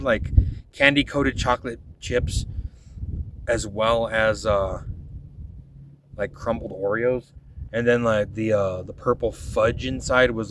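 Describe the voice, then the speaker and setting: Rambling, swearing low-voiced man. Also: fairly bright tone, recorded from a distance, a little hiss or hum, rough recording. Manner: rambling, profane, restarts often, quotes himself. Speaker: vlogger. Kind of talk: casual storytelling monologue.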